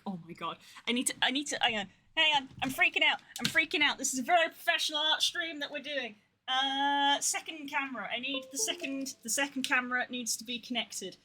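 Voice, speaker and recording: A woman streaming from home, chatting casually and getting excitable and gushing, with squeals and swearing. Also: sits high. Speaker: art streamer. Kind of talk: casual live-stream chat.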